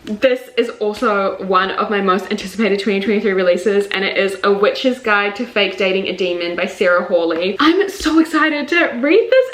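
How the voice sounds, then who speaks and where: Gushing young woman in an echoey room. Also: on the high side. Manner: gushing, excitable, filler-heavy talk. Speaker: book vlogger. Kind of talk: casual unboxing chat.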